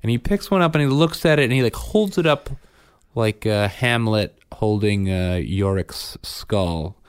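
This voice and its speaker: A man in his thirties co-hosting a casual chat, telling family stories with lively acted-out lines. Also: fairly low pitch, unhurried, smooth, no echo, clean studio sound. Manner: animated storyteller, acts out his kids' lines. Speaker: podcast co-host.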